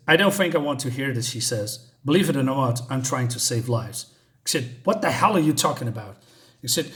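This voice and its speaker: A man casually walking through a comic book issue, rambling with frequent fillers and restarts. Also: mid-range voice.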